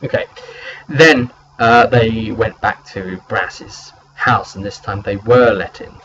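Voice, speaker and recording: A man's voice: lowish voice, slow pace, a bit bright, lo-fi sound, slight background noise. A man recapping a tabletop game session as its game master, rambling along with plenty of hesitant fillers.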